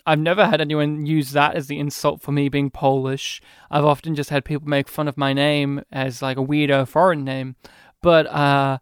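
An Australian man co-hosting a podcast, chatting casually about a film with quick asides. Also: fairly high pitch, clear, resonant tone, no room sound, studio quality. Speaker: podcast co-host.

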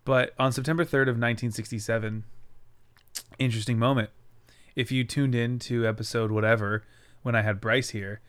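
A man's voice: mid-range voice, steady tone, a little fast, clear, resonant tone. Tired, laid-back podcast host man. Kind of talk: casual chat.

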